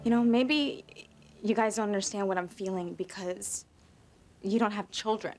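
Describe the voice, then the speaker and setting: An actress playing a desperate young mother who talks earnestly in halting bursts. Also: mid-range voice, darkish tone, faint music behind, close to an everyday voice.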